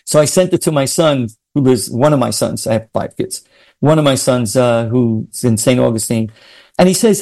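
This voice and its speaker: A middle-aged man, a singer guest, telling stories excitedly and acting out what people said. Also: medium pitch, normal speed. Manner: excitable storyteller, acts out quotes, laughs often. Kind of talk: casual interview chat.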